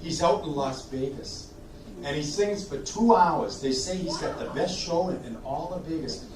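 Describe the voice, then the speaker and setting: A man's voice: a little high, moderate pace, a crowd in the background. A man hosting a live oldies sing-along, chatting jokily between songs and coaxing the audience to join in. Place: community room at a senior living residence. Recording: roomy distant live recording with music.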